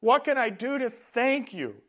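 A man voicing a desperate male leper in a read-aloud Bible story, pleading in a raised, louder voice. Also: fairly high pitch, lively intonation, normal speed, voice pushed up. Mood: overjoyed. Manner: pleading, then overjoyed and shouting thanks.

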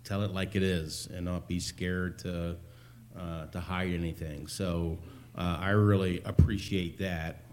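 Male churchgoer, very deep monotone voice, earnest and halting. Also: slight background noise. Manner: earnest, halting, many fillers. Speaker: men's group member giving testimony. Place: church sanctuary.

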